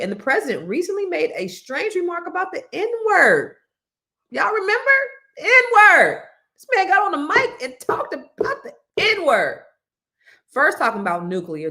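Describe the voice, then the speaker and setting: A woman from California hosting a casual panel talk show, chatty and playful. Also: medium pitch. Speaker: host.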